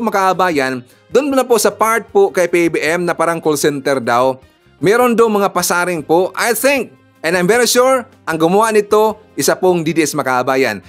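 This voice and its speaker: A man hosting a political commentary vlog, speaking earnestly and with lots of animation. His voice is high and swings widely in pitch, with faint music playing behind him.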